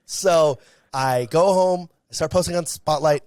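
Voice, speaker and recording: A young man being interviewed, telling a story in a lively, casual way and acting out the voices of the people in it. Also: on the high side, measured pace, clear, resonant tone, no echo, clean studio sound. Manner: animated, acts out quoted dialogue. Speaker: guest, content creator.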